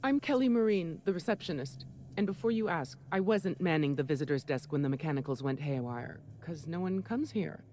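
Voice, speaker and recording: A woman's voice: deep voice, expressive, fairly quick, few pauses, warm tone, slight background noise. An actress voicing a nervous young woman receptionist in a video game, breathless, rattled and chatty.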